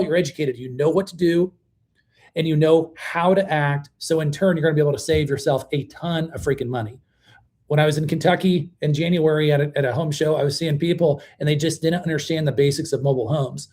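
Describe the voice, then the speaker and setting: A man hosting a live stream about mobile homes, talking casually in a blunt, animated way with many fillers and restarts. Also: a little high, a little fast. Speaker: host of a mobile home channel.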